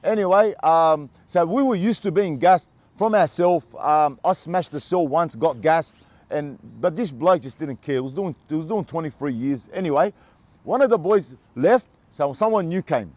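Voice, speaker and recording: An Australian man, a former prisoner, casually telling his own story to the camera in an animated way, often repeating words and acting out sounds. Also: on the high side, normal speed, dry recording.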